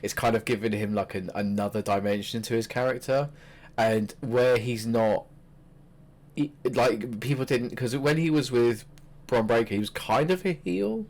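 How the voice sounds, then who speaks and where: A man co-hosting a podcast, chatting casually about wrestling, animated and swearing freely. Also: medium pitch, normal speed. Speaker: podcast co-host.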